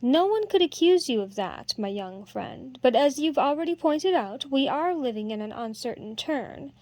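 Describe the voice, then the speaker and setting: A woman reading a measured, kindly master harper. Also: high voice, animated, a little mellow, no echo. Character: wise, measured older master harper, a man.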